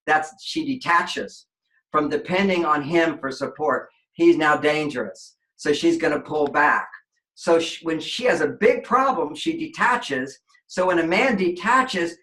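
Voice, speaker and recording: A man's voice: a little high, unhurried, bright, forceful tone. A man guest on an interview show, explaining relationships in an expansive way and acting out quoted voices. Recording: echoey room.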